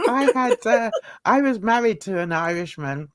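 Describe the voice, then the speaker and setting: Slow-talking older woman, chatty. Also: fairly high pitch, animated, no echo, clean studio sound. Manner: chatty and rambling, laughs often. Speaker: host. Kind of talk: casual livestream chat.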